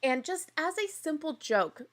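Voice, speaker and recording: A woman casually recapping a reality show, chatty and animated, with quick asides and laughs. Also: high voice. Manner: acts out quoted lines in little voices.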